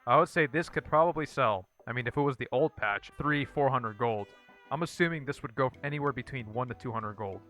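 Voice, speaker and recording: Male gaming host, bright tense tone, dry repetitive verdicts, faint music underneath. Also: medium pitch, a little fast. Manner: repeats one-word verdicts in a dry, flat way. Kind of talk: casual gameplay commentary.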